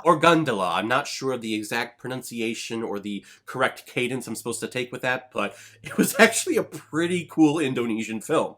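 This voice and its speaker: A man in a middle pitch, running through a casual film review with quick, wry asides. He talks in an easygoing way, with plenty of sarcasm about what he watched. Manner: lively, quick conversational delivery. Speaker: movie review channel host.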